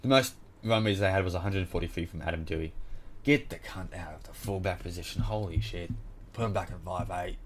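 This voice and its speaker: A deep-voiced man with an Australian accent runs through results in a casual rant. He is blunt and exasperated and swears constantly. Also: a bit bright, slight background noise. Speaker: podcast host.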